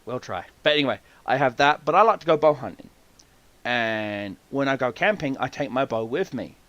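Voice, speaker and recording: A man hosting a podcast, telling hunting stories in a casual, profane, animated way and acting out the people he quotes. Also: mid-range voice, normal speed, no echo, lo-fi sound. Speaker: podcast host. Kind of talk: casual storytelling chat.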